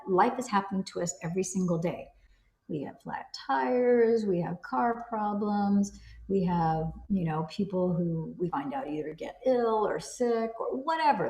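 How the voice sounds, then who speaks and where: Woman sharing a personal story, earnest and animated, voice bouncing around a roomy space. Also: on the low side. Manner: earnest, animated, acts out her own inner dialogue. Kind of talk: reflective personal talk. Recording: echoey room.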